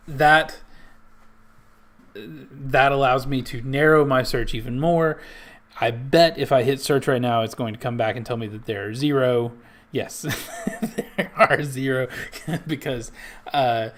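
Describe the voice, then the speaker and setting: Guy explaining a search tool, lots of uhs and restarts, mid pitched voice. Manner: halting, many restarts and fillers. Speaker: library staff trainer. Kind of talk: screen-share tutorial.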